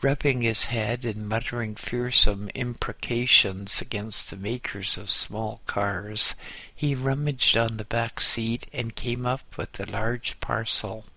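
Man, audiobook memoir narrator, dry humor, unhurried, bright, dry close mic. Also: lowish voice, fairly even intonation, no room sound. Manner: slow, measured, dryly humorous.

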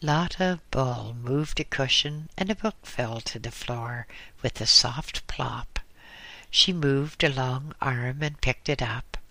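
A reader slowly narrating an audiobook chapter, reading the characters' dialogue inside the narration. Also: medium pitch, pushed and bright. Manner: slow, measured reading with quoted dialogue.

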